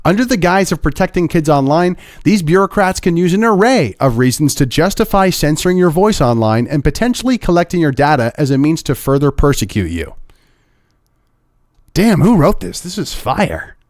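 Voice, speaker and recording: A young man delivers opinionated commentary in a mocking, sarcastic manner. His voice sits a little higher than most men's. The recording is dry and close, with no room echo. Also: sing-song, normal speed. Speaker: political commentator.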